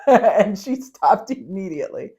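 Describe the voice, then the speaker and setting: A woman's voice: medium pitch, a little slow. A young adult woman on a podcast, a teacher telling classroom stories in casual chat, laughing often and acting out the kids. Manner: animated storytelling, acts out kids' voices, laughs often.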